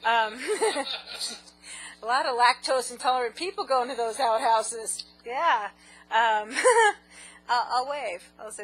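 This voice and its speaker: A woman's voice: a little high, takes it slowly, fairly bright tone, poor audio. A woman vlogger answering viewer questions in a giggly, rambling, self-mocking casual chat.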